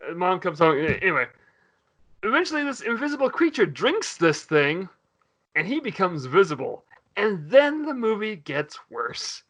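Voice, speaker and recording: A man hosting a podcast in casual chat, telling a story in an animated way. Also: high voice, normal speed. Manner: animated, swears and laughs while retelling. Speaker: podcast host.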